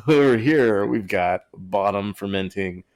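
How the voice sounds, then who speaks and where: A man's voice: fairly low pitch, slow. A man co-hosting a podcast in casual chat, rambling and often breaking into laughter mid-sentence. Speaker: podcast co-host.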